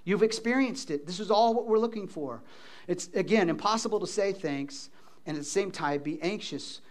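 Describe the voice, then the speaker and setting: High-voiced animated male preacher. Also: a little fast. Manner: animated, calls for congregation responses. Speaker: pastor. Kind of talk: sermon.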